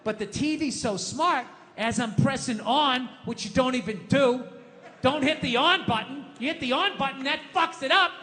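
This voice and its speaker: A man's voice: extremely high pitch, moderate pace, pushed and bright, a little hiss or hum. A man doing a profane, exasperated stand-up routine on an open-air stage at a large venue. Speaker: stand-up comedian. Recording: echoey live venue sound.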